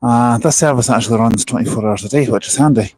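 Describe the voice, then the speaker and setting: Speaking fast in a mid-range voice with a darkish tone, a vlogger hosts a casual live stream outside at a bus station. He talks earnestly and chattily into his handheld wireless mic, restarting often, and the poor audio has a little hiss or hum.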